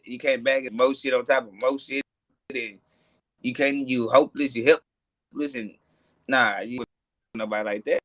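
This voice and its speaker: Guy rambling in a rough casual way, dry close sound. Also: fairly high pitch, a bit bright, dry recording. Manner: rambling, restarts often, coarse slang. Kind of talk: casual chat.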